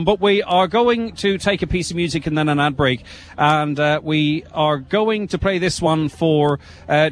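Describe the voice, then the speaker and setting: A man with an Irish accent presenting a live outdoor radio broadcast, upbeat and giving shout-outs. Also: on the high side. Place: outdoor show ground.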